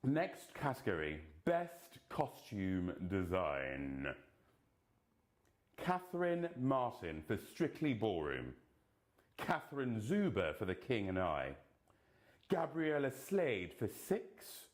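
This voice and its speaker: A man announcing award nominations, reading the names deliberately and dropping playful, camp jokes between them. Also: fairly low pitch, huge pitch swings.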